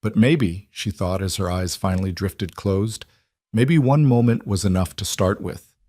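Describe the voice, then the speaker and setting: A man giving scripted narration of a frontier story in a slow, solemn, measured way. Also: sits low, mellow.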